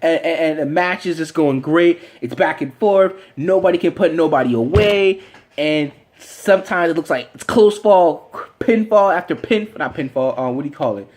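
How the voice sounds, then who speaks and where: Brief: excitable man vlogger, slightly high, rambling with fillers. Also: normal speed. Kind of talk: casual fan commentary.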